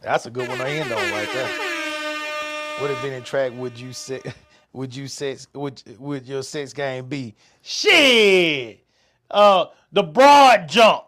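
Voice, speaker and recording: A man's voice: medium pitch, expressive, slow pace, a bit bright, faint music behind. A middle-aged man hosting a casual podcast chat, profane and joking, stammering and laughing often. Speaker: podcast host.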